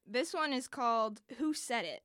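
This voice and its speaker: A woman's voice: fairly high pitch, expressive, moderate pace, fairly bright tone, no echo, clean studio sound. Matter-of-fact young woman quiz host. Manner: plain, matter-of-fact, runs quiz segments. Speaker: podcast co-host. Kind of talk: casual podcast chat.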